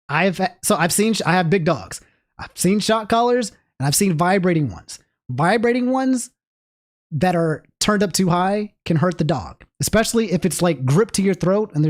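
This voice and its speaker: A man with a high-pitched voice talks at normal speed during a livestream, casually addressing his chat. His stream commentary rambles, restarts often, and is full of animated asides to viewers.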